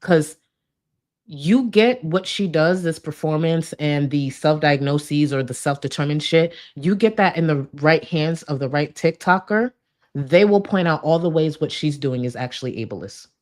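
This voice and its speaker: A woman's voice: sits low, expressive, unhurried. A woman giving blunt, profane reaction commentary in an exasperated way.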